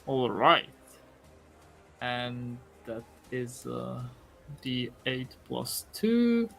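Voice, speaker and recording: Tabletop player, man, gravelly edge, bright tone, hesitant delivery. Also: medium pitch, very animated. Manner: halting, searches for words. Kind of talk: casual tabletop play.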